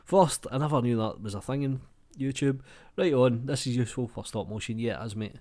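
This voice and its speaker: A man's voice: medium pitch, brisk, mellow. A young adult man, casually chatting through viewer comments while getting over a cold, swearing freely and calling everyone mate. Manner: laid-back, swears freely, says mate a lot. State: has a cold. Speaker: YouTube creator.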